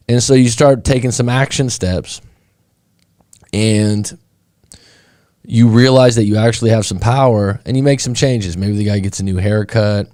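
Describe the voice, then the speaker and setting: On a relaxed live stream, a male breakup coach wanders through his points, looping back with restarts and filler words. He keeps a steady tone at a moderate pace in a low, mellow register. The audio is close-miked and dry, with no room sound.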